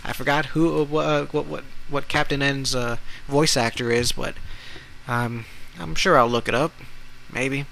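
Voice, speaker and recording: Halting young man podcasting. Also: medium pitch, steady tone, vocal fry, a bit bright, a little hiss or hum, rough recording. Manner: halting, many restarts and fillers. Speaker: podcast host. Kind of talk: casual solo podcast.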